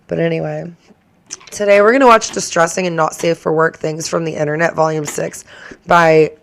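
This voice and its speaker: A woman's voice: on the low side, gravelly, a little hiss or hum. A woman hosting her own reaction channel, chatting casually to the camera in a rambling way that keeps drifting into tangents.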